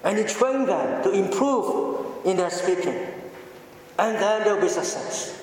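A man preaching a sermon with a measured, emphatic delivery and deliberate pauses, recorded in a church. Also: sits high, lively intonation, a little mellow, a little hiss or hum. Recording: echoey hall, heard from a distance.

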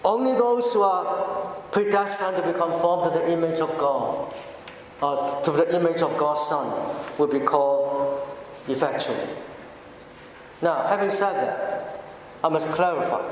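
A man preaching a sermon with a measured, emphatic delivery and deliberate pauses, recorded in a church. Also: a little high, slight background noise. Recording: echoey hall, heard from a distance.

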